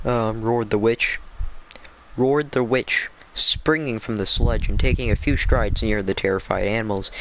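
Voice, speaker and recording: A man's voice: on the low side, a little slow, a bit bright. A drowsy man on a casual stream, reading a book aloud and chatting, often stumbling over words and restarting. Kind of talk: casual live-stream storytelling.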